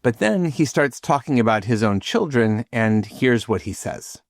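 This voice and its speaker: A man hosting a podcast, reading scripted reflections in a measured, lightly humorous way. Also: medium pitch, expressive, dry recording, studio quality. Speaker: podcast host, rabbi.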